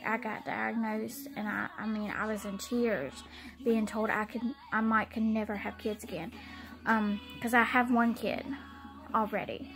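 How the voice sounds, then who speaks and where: A young woman, talking in a halting, tearful personal vlog, close to tears and often repeating herself. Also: on the high side, gravelly, low-quality recording. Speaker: vlogger.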